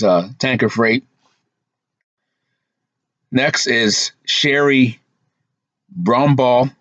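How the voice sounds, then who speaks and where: A man's voice: mid-range voice, a bit bright, no echo, lo-fi sound. A man hosting a trucking channel, talking casually through a list from his notes with asides and fillers. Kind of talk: casual commentary vlog.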